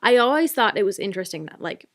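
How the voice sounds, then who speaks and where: A woman's voice: medium pitch, big pitch swings, quick pace. A woman in her twenties, a podcast co-host, chatting casually and emotionally with many fillers. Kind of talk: casual chat.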